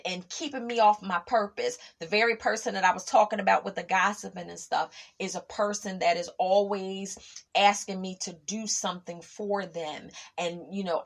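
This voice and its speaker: A woman's voice: medium pitch, vocal fry, fairly bright tone. A middle-aged woman hosting a faith podcast, talking emphatically and acting out past conversations. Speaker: podcast host. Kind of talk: casual faith podcast monologue.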